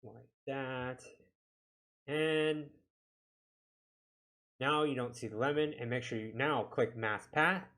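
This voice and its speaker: A man giving a casual software tutorial, talking himself through each click with a chatty, self-deprecating manner. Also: mid-range voice, takes it slowly, pauses often. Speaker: video editing instructor.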